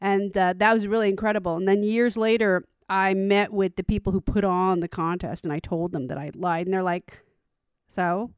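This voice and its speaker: A woman in her fifties, a guest comedian in a casual panel chat, telling stories in a relaxed, unhurried way. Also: medium pitch, clear, resonant tone, no room sound, studio quality.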